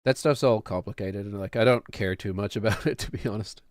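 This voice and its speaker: A man's voice: lowish voice, brisk, no room sound, clean studio sound. A man in his late thirties, a streamer explaining his own music production in a casual, rambling, self-deprecating way and laughing often. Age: late 30s.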